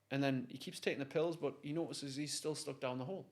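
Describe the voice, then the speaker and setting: A man tells a story as a guest in a conversation. He is animated and pulls listeners in, with a middle-pitched voice. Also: fast. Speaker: guest, motivational speaker.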